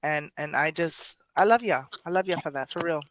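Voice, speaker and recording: A woman's voice: low-pitched, normal speed, slight background noise. A woman hosting a poetry podcast, speaking emotionally in casual chat, rambling with many restarts and self-corrections. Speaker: poetry show host.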